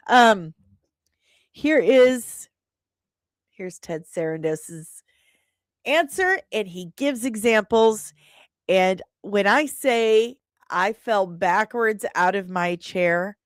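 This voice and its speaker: A woman hosting an opinionated commentary show, sarcastic and quick to laugh. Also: mid-range voice, lively intonation, no room sound, studio quality. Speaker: host. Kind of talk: casual commentary.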